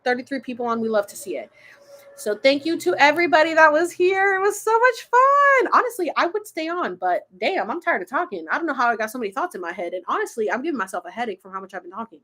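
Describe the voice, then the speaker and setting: A woman's voice: a little high, big pitch swings, fast talker, a bit bright. A young woman from Florida with a slight Southern twang, chatting casually and rambling cheerfully as she wraps up her livestream. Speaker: livestream host.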